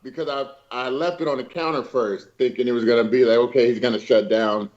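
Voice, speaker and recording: A man telling a story in a casual, slangy, excitable way, often laughing. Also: mid-range voice, fast, highs cut off. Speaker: guest bodybuilder.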